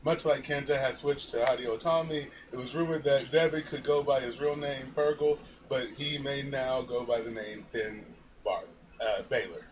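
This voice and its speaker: A man's voice: medium pitch, fairly even intonation, moderate pace. A man co-hosting a casual podcast, laughing often and reading news stories aloud. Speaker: podcast co-host. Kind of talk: casual wrestling chat. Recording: dull lo-fi sound with faint noise.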